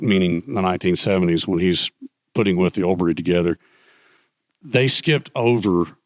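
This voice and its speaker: Low-voiced older man telling stories. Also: dry recording. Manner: rambling storyteller with many fillers. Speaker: guest author. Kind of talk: fireside chat on stage. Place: conference stage.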